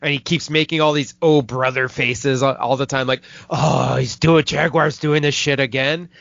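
Male podcast host, casual and irreverent, does quick parody voices. Dry, muffled lo-fi sound. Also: medium pitch, fairly even intonation, vocal fry, a bit bright, dry recording. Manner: loose and profane, drops quick mocking impressions into his retelling. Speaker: podcast host reviewing a movie. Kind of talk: casual chat. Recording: dull, dry lo-fi podcast audio.

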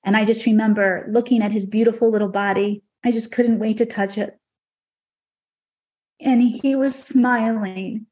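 A woman's voice: a little high, fairly even intonation, normal speed, warm tone. Earnest woman telling a heartfelt story. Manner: earnest, emotional, conversational with many fillers. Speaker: podcast guest speaker. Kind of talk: personal storytelling on a podcast.

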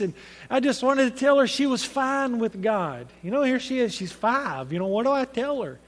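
A man's voice: extremely high pitch, sing-song, normal speed, in a large hall. A man preaching a sermon, speaking in an earnest, conversational storytelling way with frequent restarts.

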